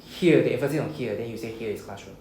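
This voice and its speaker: A man's voice: mid-range voice, quick pace, darkish tone. A man with a Singaporean English accent runs a beginner Japanese lesson in a classroom. He explains patiently and keeps checking in with "okay?" and "right?". The room is echoey, with a faint hum of background noise. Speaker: Japanese language teacher.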